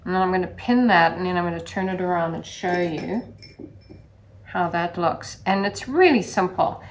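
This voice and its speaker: A woman calmly walking through a sewing demonstration step by step, in a gentle sing-song teaching manner. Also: on the low side, normal speed, a little hiss or hum. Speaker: sewing instructor.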